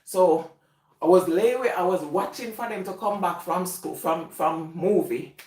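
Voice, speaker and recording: A woman's voice: lowish voice, normal speed, a little mellow. A woman with a Jamaican accent telling casual, rambling stories and laughing often. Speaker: vlogger. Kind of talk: casual storytelling. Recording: echoey room, voice from a distance.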